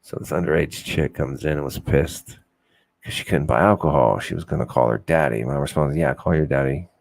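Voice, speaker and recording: Casual podcast host, young man with a low voice, loose and rambling, profane, self-mocking humor. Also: brisk, vocal fry. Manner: swears freely, rambling, self-deprecating. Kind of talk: casual unfiltered chat.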